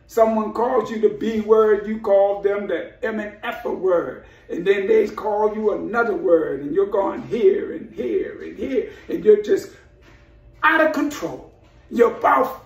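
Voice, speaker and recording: A man's voice: sits high, gravelly, reverberant, recorded from a distance, poor audio. A man preaching a sermon, urging his listeners with repeated phrases and quoted scripture.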